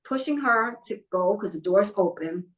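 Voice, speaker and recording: A woman's voice: mid-range voice, lively intonation, normal speed, low-quality recording. A middle-aged woman from New York telling a personal story in a podcast interview, acting out what other people said. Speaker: guest.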